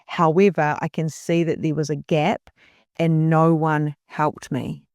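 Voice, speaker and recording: A woman's voice: deep voice, flat delivery, a little slow, a little mellow, no room sound, lo-fi sound. A middle-aged woman, a guest on a podcast, telling a personal story in an earnest, emotional way with frequent restarts. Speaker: podcast guest, spiritual mentor.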